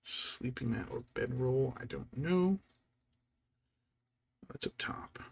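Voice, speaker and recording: Whispering in a slow, husky, medium-pitched voice, a man paints a miniature on stream. He's relaxed, chatting casually and murmuring to himself as he works.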